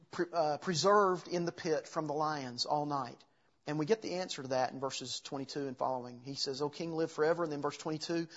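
Husky-voiced man preaching a sermon. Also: a little high, lo-fi sound. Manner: earnest preaching, reading scripture aloud. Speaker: pastor.

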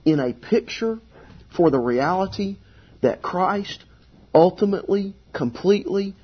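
A man's voice: mid-range voice, husky, muffled recording. A man preaching a sermon as pastor, earnest and conversational, repeating key phrases for emphasis.

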